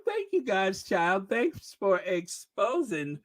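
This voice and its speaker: A woman's voice: deep voice, animated, takes it slowly. A woman hosting a live stream, casually chatting and reading viewer comments with lots of laughter and exclamations. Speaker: livestream host reading super chats.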